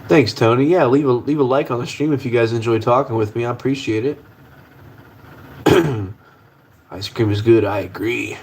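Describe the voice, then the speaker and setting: A man's voice: medium pitch, normal speed, long pauses, a little mellow, a little hiss or hum. A young man hosting a casual livestream from his kitchen at the stove, rambling in a laid-back way and swearing casually. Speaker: livestream host.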